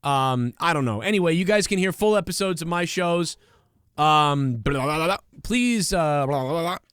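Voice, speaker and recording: A man's voice: a little high, expressive, moderate pace, a bit bright, clean tone, dry recording, clean studio sound. A young man hosting a podcast, ranting casually with lots of swearing, fillers and restarts. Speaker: podcast host. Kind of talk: casual comedic rant.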